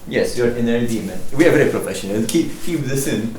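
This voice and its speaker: A young podcast host chats casually, rambling and joking with frequent laughs. His medium-pitched voice is expressive and darkish, and he talks quickly. The recording has a roomy echo from a distant mic, with faint noise.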